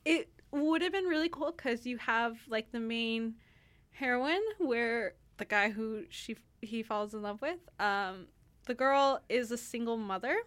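Young woman, raised pitch, casual radio chat, rambling with fillers. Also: unhurried, fairly bright tone. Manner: chatty, lots of fillers and restarts, laughs easily. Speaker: theatre reviewer.

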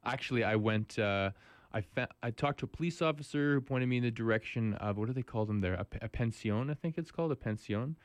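A man's voice: mid-range voice, fast talker, dry recording. A man co-hosting a casual conversation, telling rambling anecdotes full of restarts. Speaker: podcast co-host.

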